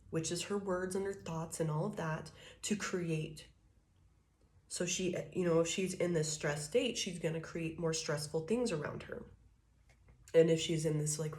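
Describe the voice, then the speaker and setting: Woman, tarot reader, casual, swears a lot, laughs often, lowish voice. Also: darkish tone. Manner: loose and profane, laughs often, acts out quotes.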